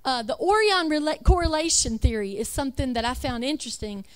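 Her voice is high-pitched and animated, her pace a little fast, as she delivers an emphatic religious talk alongside slides. She reads lists aloud, uses rhetorical questions, and self-corrects.

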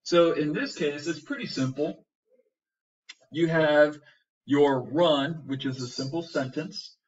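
A man's voice: on the high side, slow. A man teaching a class, walking through each point patiently and ending many lines with "right?". He sounds a little far from the mic. The recording is dull and lo-fi. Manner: explains step by step, tags lines with "right?". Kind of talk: recorded writing lesson.

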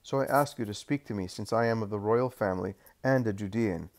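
James, a man doing a proud, sharp disciple. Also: fairly low pitch, brisk, lightly acted. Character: proud, sharp-tongued male relative of royal descent.

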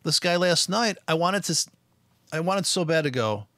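A man's voice: fairly high pitch, lively intonation, normal speed, a bit bright, no room sound. A man ranting bluntly over his trading charts, swearing nonstop and laughing at his own jokes. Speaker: forex trader streaming his charts. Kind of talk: profane ranting commentary.

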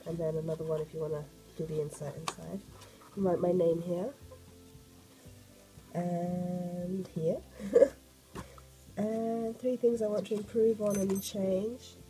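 A woman, croaky from a cold, chatting excitedly as she unboxes a sketchbook for an art vlog. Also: on the low side, slow, long pauses, faint music behind, rough recording. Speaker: art vlogger.

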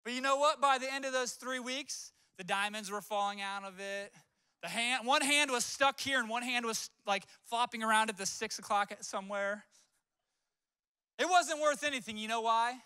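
A man's voice: very high voice, moderate pace, bright, forceful tone, clear, resonant tone, no room sound, clean studio sound. A man preaching a sermon as pastor, telling stories in a conversational way and acting out quotes. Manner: conversational storytelling with acted-out quotes.

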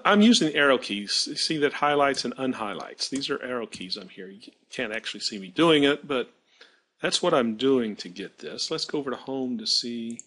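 A male math teacher narrates a screen-recorded tutorial in a bright, slightly husky voice with lots of pitch movement. He thinks aloud as he works and stops to correct his own mistakes.

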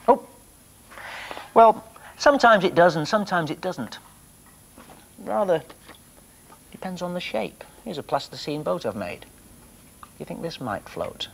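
A man presenting a children's television programme, talking gently and playfully to young viewers as he floats toy boats. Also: on the high side, creaky, slight background noise, rough recording.

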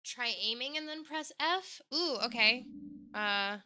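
A woman's voice: sits high, animated, a little slow, bright, forceful tone, slight background noise. A young woman streaming a horror game, chatting casually with her chat and swearing freely. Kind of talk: casual live gameplay commentary.

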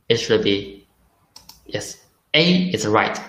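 A man's voice: fairly low pitch, animated, slow, long pauses, sharp tone, reverberant, poor audio. A man teaching a lesson in English, patiently repeating syllables for drills. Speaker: Chinese teacher. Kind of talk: language lesson.

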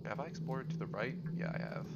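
A young man giving casual, excitable gameplay commentary, swearing and yelping in panic as he plays. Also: medium pitch, a little fast, very noisy. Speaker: gameplay streamer. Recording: dull lo-fi audio with game music. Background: game music.

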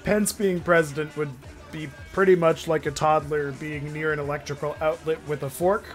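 A man giving casual gameplay commentary, excitable and crude, often laughing and shouting at the game. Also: on the high side, normal speed, faint music behind. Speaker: gameplay streamer.

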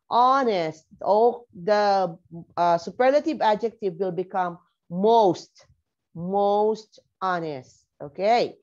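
Woman, teacher, slow deliberate delivery, spells words out, frequent "okay?", muffled lo-fi audio. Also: medium pitch. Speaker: English teacher. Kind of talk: online grammar lesson.

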